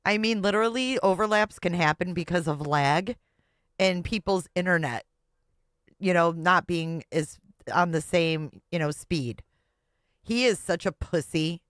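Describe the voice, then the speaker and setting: A woman's voice: on the low side, a little slow, dry recording, clean studio sound. A woman hosting a livestream reaction, blunt and sarcastic, swearing freely. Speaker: livestream host.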